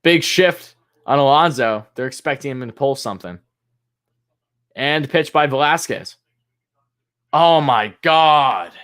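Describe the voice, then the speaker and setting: A male fan commentator doing live play-by-play on his own stream, his voice sitting at an everyday middle pitch. He gripes, swears and sounds exasperated at bad calls, and his voice leaps up when a pitch comes in. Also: normal speed, fairly bright tone, smooth. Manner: exasperated, swearing, griping about umpires; voice jumps high on big pitches.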